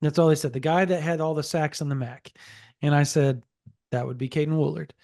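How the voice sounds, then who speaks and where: A man co-hosting a sports podcast, telling a story in a casual, animated way and relaying a source's quotes. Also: a little high, fairly quick, vocal fry, no room sound, clean studio sound. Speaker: podcast co-host.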